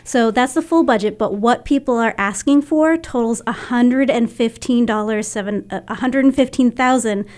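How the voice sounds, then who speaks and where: A woman's voice: fairly high pitch, normal speed, few pauses, darkish tone. A woman on a local radio talk show, a cultural council member explaining figures step by step and laughing easily.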